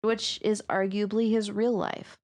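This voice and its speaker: A young woman in casual conversation as a podcast co-host, with a voice of ordinary middle pitch. She is chatty and animated, laughs easily and rushes ahead when a story gets going. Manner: chatty and animated, laughs often, speeds up when telling anecdotes. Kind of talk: casual chat about submitted stories.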